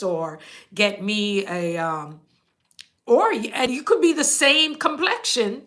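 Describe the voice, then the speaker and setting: A woman's voice: medium pitch, animated, slow pace, fairly bright tone. A middle-aged Jamaican woman, a nurse, telling workplace stories in a chatty way, often laughing and quoting people. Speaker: nurse and channel host. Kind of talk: casual storytelling monologue.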